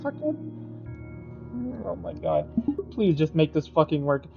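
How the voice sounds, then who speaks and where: A man's voice: fairly high pitch, huge pitch swings, measured pace, lo-fi sound, loud music behind the voice. A young man ranting at a chatbot in a profane, explosive, exasperated way. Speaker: gamer. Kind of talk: profane comedic rant at a chatbot.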